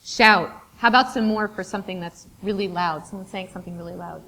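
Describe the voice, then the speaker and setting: A woman with a gravelly, sharp, mid-range voice leads an interactive classroom lesson in a room with a board. Encouraging throughout, she often praises answers and occasionally runs rapidly through long lists of words.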